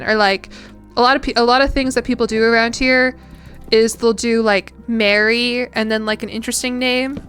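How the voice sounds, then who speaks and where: Giggly young woman streamer, bright voice. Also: on the high side, fairly even intonation, normal speed, faint music behind. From United States. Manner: giggly and chatty, laughs often; rambling with frequent "like" fillers. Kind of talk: casual chat while gaming.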